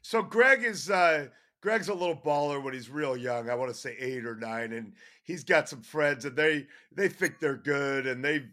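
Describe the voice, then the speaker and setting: A middle-aged man, the host's father, telling a lively anecdote on a podcast. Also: medium pitch, normal speed, hardly any pauses. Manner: animated anecdotal storyteller. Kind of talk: storytelling on a podcast.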